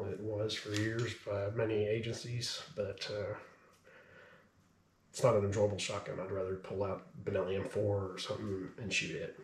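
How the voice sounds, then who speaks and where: A low-voiced man with a drawl, a bit out of breath, rambling loosely with lots of ums and you-knows. He sounds set back from the mic in an echoey room, with a faint hiss underneath. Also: a bit bright, recorded from a distance. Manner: rambling, filler-heavy, laid-back. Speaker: gun reviewer. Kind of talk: casual talk to camera.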